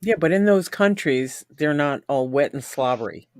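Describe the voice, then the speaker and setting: A woman's voice: low voice, animated, moderate pace, a little mellow, no echo, studio quality. A woman making wry remarks in a casual panel chat. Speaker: panel guest.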